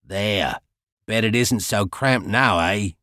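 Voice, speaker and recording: A man's voice: fairly low pitch, slow, pushed and bright, no room sound, clean studio sound. A man voicing a brusque armed male guard with a Cockney accent, barking curt orders. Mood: menacing. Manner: curt, menacing barks.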